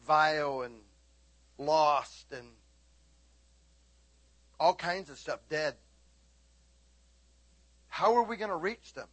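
Husky high-voiced man preaching a sermon. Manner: animated storytelling, sudden high shouting bursts; keeps checking in with listeners. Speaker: pastor.

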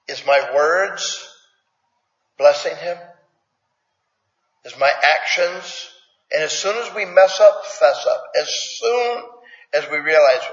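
A man's voice: a little high, fairly bright tone. A man preaching a sermon in a plainspoken, conversational way, asking his congregation questions. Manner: plainspoken, folksy. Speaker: pastor. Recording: echoey hall, dull lo-fi sound.

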